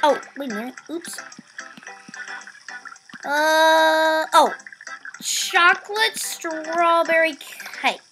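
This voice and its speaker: Very high, bright excitable female gamer. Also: drawn-out words, pauses often, soft background music. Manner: excitable, often stumbles over words. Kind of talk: let's play commentary.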